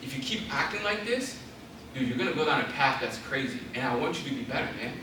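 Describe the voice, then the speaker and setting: In a large, very echoey hall, a young man gives a preacherly Christian talk as guest speaker, his mid-range voice sing-song and fast, rising to emphatic exhortations. He is off-mic, the mic is distant, and there's background noise.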